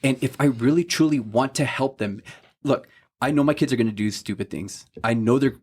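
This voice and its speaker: This faith podcast co-host, a man in his thirties, talks casually about his son, relaying everyone's words and leaning on "you know what I mean," all in an earnest parental tone. His mid-range voice is husky and a little mellow, moving a little fast.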